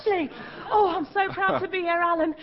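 A woman's voice: very high voice, quick pace, highs cut off, a crowd in the background. An actress playing a chatty Cockney celebrity woman in her fifties, a talk show guest who gushes, calls everyone darling and won't stop talking. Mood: gushing. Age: 50s. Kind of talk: studio comedy chat show parody.

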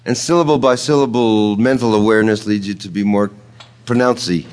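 Low-voiced man lecturing on poetry, rambling. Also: fairly quick, a little mellow. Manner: thoughtful, digressive, hums out rhythms with ta-ta syllables; frequent uh fillers, chuckles at own remarks. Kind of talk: informal spoken lecture on poetics.

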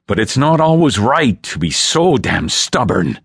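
A gruff dwarf warrior with a growling, blunt way of talking, voiced by a man in an audiobook. His voice sits raised above the narrator's very low register and swings widely, with a husky, dry edge. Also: sing-song, unhurried, a bit bright, dry recording, full character voice.

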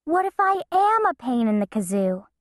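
A woman's voice: high-pitched, big pitch swings, normal speed, dry recording, clean studio sound, voice pushed up. A woman voicing a spunky, mischievous little girl in a bouncy, cheeky way. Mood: worried.

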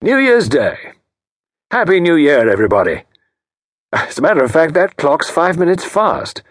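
A blunt, hearty soldierly host rings in the new year in an audiobook, as a male narrator puts him on. The voice rises well above the narrator's own and comes out louder. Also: a little high, big pitch swings, normal speed, dry recording, clean studio sound, pitched above the performer's own voice. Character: honest, upright soldierly middle-aged host.

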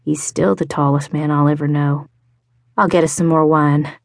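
Woman reading sick young man, quiet murmuring voice, low pitch, dry close sound, audiobook romance. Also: little pitch movement, normal speed, gravelly, no echo. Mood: fond. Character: lanky young man, gravely ill, gently teasing.

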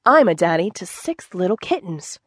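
A woman's voice: fairly low pitch, very animated, moderate pace, slightly rough, no echo, voice pushed down. Woman doing a proud gray tomcat. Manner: cheerful and boastful.

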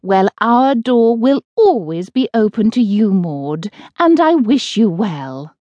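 A woman voicing a kindly, sensible witch who talks gently and patiently, in a close dry studio recording. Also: medium pitch, big pitch swings, takes it slowly, no echo, muffled recording, voice pushed up.

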